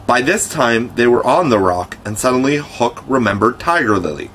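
A man reading a classic children's novel aloud in a measured, expressive storytelling voice. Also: medium pitch, slight background noise, low-quality recording. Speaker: audiobook reader. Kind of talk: scripted narration.

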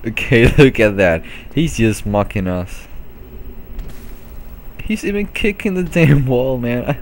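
A man's voice: medium pitch, lively intonation, slow pace, pauses often, slight background noise. A man giving casual let's-play commentary on his own gameplay, laughing often and swearing freely. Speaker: gameplay video host.

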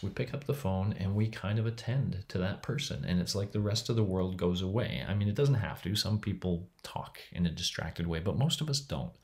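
A middle-aged man giving a casual recorded lecture from home, talking in a conversational, rambling way. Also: sits low. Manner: conversational, rambling with restarts and soft laughs.

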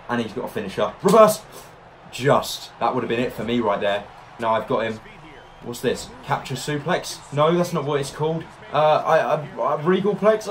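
Man, let's-play commentary, excitable, narrates every move, loud reactions, average pitch. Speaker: gaming YouTuber.

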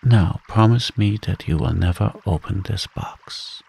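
A man voicing a gentle, sorrowful young sea princess in a soft, slow bedtime story reading. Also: lowish voice, vocal fry, husky, heavily acted. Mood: solemn warning.

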